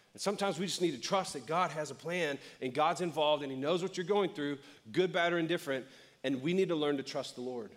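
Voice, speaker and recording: A man's voice: a little high, a little fast. Joking, conversational male pastor. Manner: conversational, joking, acts out little voices. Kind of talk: sermon.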